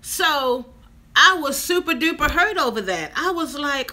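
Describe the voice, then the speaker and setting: Bright-voiced chatty woman in her fifties. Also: high voice, lively intonation, moderate pace, a little hiss or hum. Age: 50s. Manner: chatty, addresses viewers directly. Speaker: vlogger. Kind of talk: casual storytelling vlog.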